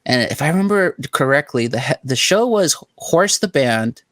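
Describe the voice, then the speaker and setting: A man's voice: a little high, lively intonation, normal speed, fairly bright tone, no echo. Young man, casual podcast chat, profane, rambling, "like" everywhere, dry voice. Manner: rambling, profane storytelling with frequent "like". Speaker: podcast co-host.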